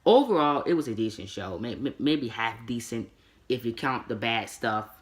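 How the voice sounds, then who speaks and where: A man's voice: mid-range voice, animated, moderate pace. A man reviewing a wrestling show in a casual solo vlog, rambling and opinionated, repeating his words and chuckling often.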